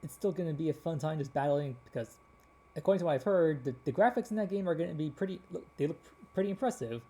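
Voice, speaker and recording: A man hosts his gameplay video in a loose, rambling way, restarting his sentences as he goes. His voice is very dark and mellow but sits a little high. By now it has turned slightly hoarse. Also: animated, quick pace. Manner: rambling, with frequent restarts and fillers. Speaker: gaming channel host.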